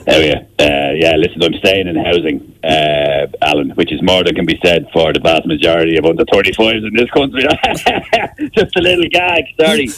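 A man's voice: sits low, normal speed, a bit bright, no room sound, low-quality recording. A man impersonating a cheeky housing minister who teases the host. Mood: teasing. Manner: teasing, chuckling asides. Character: cheeky Irish housing minister, joking and needling.

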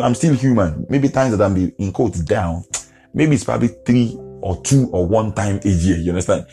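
Low, mellow-voiced man preaching. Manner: earnest, repeats phrases for emphasis. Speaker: podcast preacher. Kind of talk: devotional podcast sermon.

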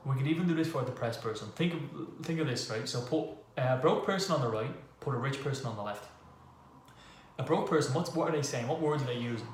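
A man's voice: medium pitch, quick pace. Man, podcast host, emphatic motivational talk, echoey room, faint background noise. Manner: conversational, emphatic, uses rhetorical questions. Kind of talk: casual motivational monologue.

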